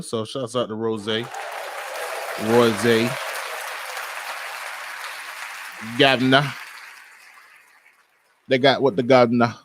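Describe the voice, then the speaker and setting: A man's voice: lowish voice, dry recording, clean studio sound. Laid-back, slangy male podcast host. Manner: laid-back, rambling, slangy, with frequent filler phrases. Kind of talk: casual podcast monologue.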